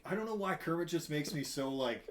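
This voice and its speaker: Rambling, animated man in his thirties. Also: fairly high pitch, fairly quick. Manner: rambling, animated, laughs often, likes doing voices. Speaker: podcast guest. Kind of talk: casual chat.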